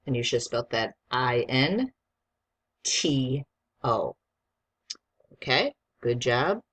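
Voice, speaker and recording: Slow, patient teacher spelling words aloud. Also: medium pitch, sing-song, a bit bright, breathy edge. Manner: slow, deliberate dictation, spelling words out letter by letter; encouraging, patient instructions to a young student. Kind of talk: spelling dictation lesson.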